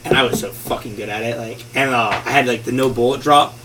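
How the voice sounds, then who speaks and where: Hyped gamer dude ranting and swearing, kinda far from the mic, faint noise. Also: male voice, mid-range voice, fast. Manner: profane, excitable, acts out gamers with loud shouts. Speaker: guest. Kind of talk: casual chat.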